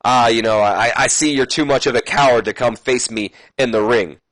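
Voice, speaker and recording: A man's voice: medium pitch, moderate pace, a bit bright, no room sound, lightly acted, poor audio. A man voicing a brash male wrestler's challenge in a raised, pushy tone while reading a scripted promo. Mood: taunting. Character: brash cocky male wrestler calling out a rival.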